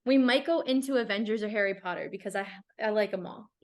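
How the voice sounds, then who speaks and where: This is a young woman in casual podcast conversation, chatty and open. Her pitch sits in a middle range for a woman, and her talk is loose and full of "like" fillers. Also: fast. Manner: chatty, frequent "like" fillers, animated. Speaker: podcast guest. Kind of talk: casual chat.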